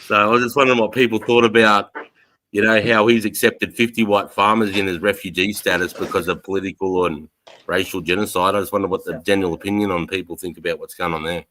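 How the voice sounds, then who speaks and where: A man's voice: deep voice, flat delivery, fast, pushed and bright, slight background noise, poor audio. A man with an Australian accent hosting a livestream, chatting casually and swearing a lot, laughing as he retells things. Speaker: livestream host. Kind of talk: casual chat.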